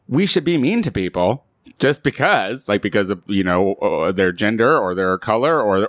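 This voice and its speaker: A man co-hosting a casual podcast, speaking emphatically and sprinkling his talk with "like". His pitch swings up and down with a lively range. The recording is dry and close. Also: no echo. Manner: animated, lots of "like", emphatic. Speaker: podcast co-host. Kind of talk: casual chat.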